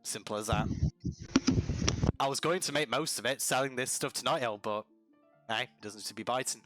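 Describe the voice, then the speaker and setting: A man's voice: mid-range voice, brisk, a bit bright, soft background music, lightly acted. A man voicing a shifty, smug male merchant who made a promise he cannot pay, making cheeky excuses.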